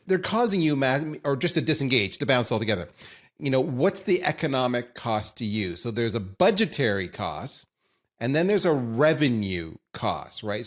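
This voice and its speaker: A man hosting a live webinar, talking conversationally, restarting his sentences often and steering the talk between guests. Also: mid-range voice. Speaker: webinar host.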